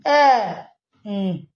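A woman with a Nigerian Pidgin accent giving animated, scolding commentary, laughing often and repeatedly urging viewers to like and share. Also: a little high, roomy sound. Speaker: commentary vlogger. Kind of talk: live social media commentary.

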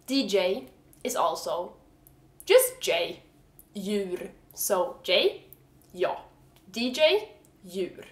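A woman's voice: mid-range voice, big pitch swings, extremely slow, pauses often, echoey room. A woman with a Swedish accent, a native Swedish speaker, explaining pronunciation in a casual video lesson with frank, swearing, exasperated humor. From Sweden. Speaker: vlogger teaching Swedish pronunciation.

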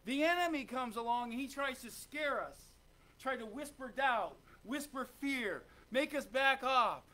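Fervent high-voiced male preacher. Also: lively intonation, a little slow, sharp tone. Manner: fervent call-and-response preaching, asks the congregation questions. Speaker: pastor. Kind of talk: sermon. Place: church sanctuary.

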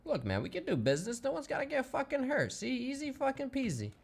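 Fast gravelly swaggering man. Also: very high voice, huge pitch swings. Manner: swaggering, profane street-tough talk. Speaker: streamer role-playing a gun dealer. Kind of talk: in-character role-play banter.

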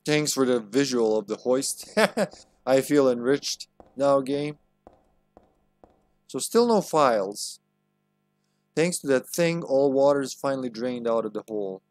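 A man's voice: mid-range voice, a little slow, pauses often, a little mellow, no echo. Joking man streaming a game. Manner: joking, crude, talks back to the game. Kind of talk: live gameplay commentary.

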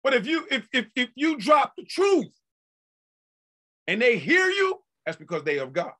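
A male pastor delivering a sermon in folksy, conversational talk that breaks into shouted peaks and drawn-out emphasis. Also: extremely high pitch, very animated.

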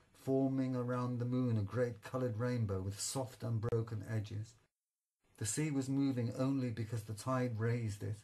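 A man narrating a classic story in a measured, literary reading style. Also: medium pitch, darkish tone, low-quality recording. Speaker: audiobook reader. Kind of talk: scripted narration.

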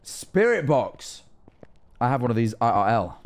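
Male streamer, lively up-and-down delivery, teasing banter. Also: mid-range voice, measured pace. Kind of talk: casual gaming chat.

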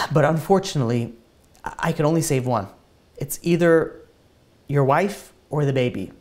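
A man, a rabbi, tells a long story in a sermon, acting out the voices with lots of fillers. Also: a little high. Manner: animated storyteller, acts out dialogue, many fillers.

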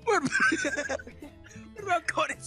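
A woman's voice: very high-pitched, wildly swooping pitch, a little slow, sharp tone, faint music behind. A woman on voice chat teasing her gaming friend, giggling and mocking. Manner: giggly, mocking, bursts of laughter.

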